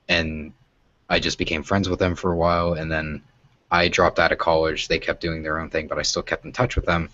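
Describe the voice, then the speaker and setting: American man, twenties, deep husky voice, rambling, swears a lot, casual host chat. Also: little pitch movement, brisk, pushed and bright, no echo, lo-fi sound. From United States. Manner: rambling, profane, many "like" fillers.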